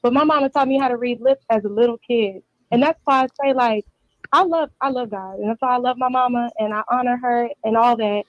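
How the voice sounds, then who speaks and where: A young woman from Texas calls in, her voice sitting a little high and running on with restarts as she tells her story. The call sounds dull and dry, like a phone line. She talks in a casual, rambling way. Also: no echo. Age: 20s. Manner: long rambling personal story, restarts often. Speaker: caller.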